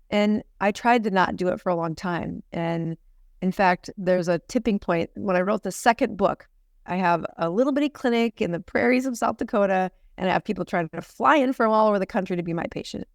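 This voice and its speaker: Animated middle-aged woman telling stories. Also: mid-range voice, fairly quick, creaky, no room sound, clean studio sound. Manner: animated storyteller, laughs often. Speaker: physician and podcast guest. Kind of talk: storytelling in a podcast interview.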